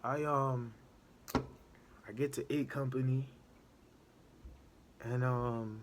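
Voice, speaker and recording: A man's voice: medium pitch, fairly even intonation, extremely slow, slight background noise. Laid-back man telling a street story. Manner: laid-back street talk, keeps asking "know what I'm saying". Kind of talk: casual storytelling.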